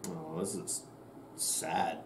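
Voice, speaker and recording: A man's voice: very deep voice, steady tone, very slow, a little hiss or hum. A man streamer chatting casually about a game, emphatic and self-correcting. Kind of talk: casual chat.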